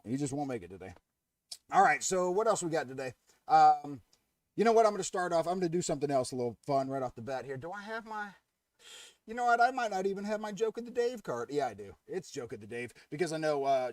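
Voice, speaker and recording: A man's voice: sits high, darkish tone, no room sound, recorded from a distance. A man hosting a casual live-stream chat, jokey and chatty, laughing at his own jokes and greeting viewers. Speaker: livestream host.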